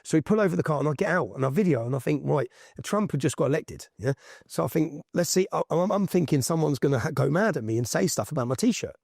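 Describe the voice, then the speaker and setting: A man being interviewed, telling an animated story and acting out what other people said, with frequent repeats and restarts. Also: a little high, fast talker, gravelly, slightly rough, no room sound, clean studio sound. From England. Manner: lively, repeats himself, quotes people in his stories. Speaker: interview guest.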